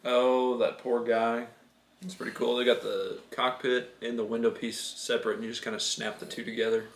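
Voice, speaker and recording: A man's voice: mid-range voice, little pitch movement, moderate pace. A man, a father hosting a LEGO build video, chatting upbeat and teasing with his young son at home. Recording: echoey room with background noise.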